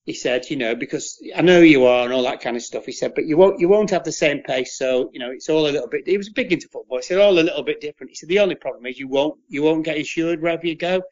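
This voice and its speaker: A man's voice: fairly high pitch, fast talker, few pauses, lo-fi sound. A man, a former footballer telling rambling stories as an interview guest, repeating words and acting out the voices of people he quotes. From England. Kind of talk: casual anecdotal storytelling.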